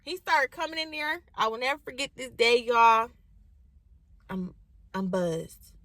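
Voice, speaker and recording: A woman's voice: on the high side, expressive, a little slow, pushed and bright, dry recording, low-quality recording. A young woman, telling her personal faith story in casual, emphatic talk and calling her viewers y'all. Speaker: vlogger and book recommender. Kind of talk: casual faith testimony to camera.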